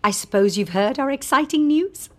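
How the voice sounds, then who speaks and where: A woman doing a husky scolding mum. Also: high-pitched, expressive, moderate pace, darkish tone, voice pushed up. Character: bossy fussing middle-aged mother. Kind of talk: audiobook character voice.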